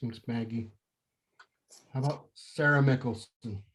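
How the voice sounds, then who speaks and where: A man's voice: medium pitch, fairly even intonation, a little slow, fairly bright tone. Easygoing man chairing a meeting. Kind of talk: calling on speakers at a recovery meeting. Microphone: online call.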